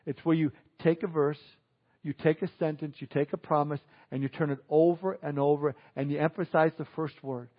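A pastor delivers a sermon in a relaxed, chatty style, tossing in small chuckles and asides at a normal speed. His voice is a bit high for a man. The audio is dull and lo-fi, like old church recordings.

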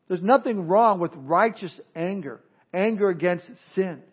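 A man's voice: high voice, lo-fi sound. A man preaching a sermon, earnest, telling jokes and stories along the way. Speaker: pastor.

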